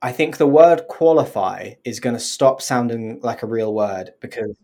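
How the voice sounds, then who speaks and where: A woman's voice: a bass voice, expressive, normal speed, warm tone. Chatty woman podcaster, laughing. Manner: chatty, swears, laughs while explaining, puts on silly accents for single words. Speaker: podcast co-host. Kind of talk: casual podcast chat.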